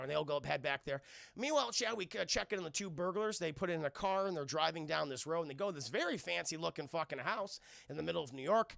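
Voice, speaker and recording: Streamer dude recapping a cartoon, swearing a lot, gravelly voice, pitch swinging all over, dry sound. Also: male voice, quick pace, dry recording. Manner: profane, animated, addresses chat, laughs often. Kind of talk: casual recap.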